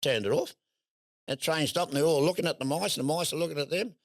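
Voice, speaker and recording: A man's voice: fairly high pitch, very fast, no echo, studio quality. Older Australian man spinning a yarn. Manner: rambling yarn-spinner, acts out voices, laughs often. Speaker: guest, showman. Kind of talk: casual storytelling.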